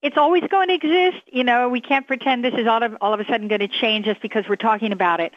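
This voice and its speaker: A woman's voice: fairly high pitch, steady tone, fast, no room sound. A woman speaking emphatically and indignantly as a psychic guest in a radio interview. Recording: dry, muffled radio sound.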